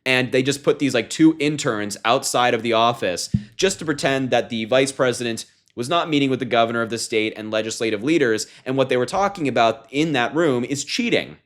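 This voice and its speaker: A man's voice: medium pitch, brisk, hardly any pauses, a bit bright. A young man giving emphatic political commentary, laughing often.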